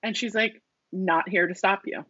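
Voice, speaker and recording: A woman co-hosting a casual chat, retelling a TV scene and acting out its lines softly. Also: medium pitch, fairly even intonation, moderate pace, slightly rough, no echo. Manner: acts out quoted lines, softens into a hush. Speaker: podcast co-host. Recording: dull, muffled dry sound.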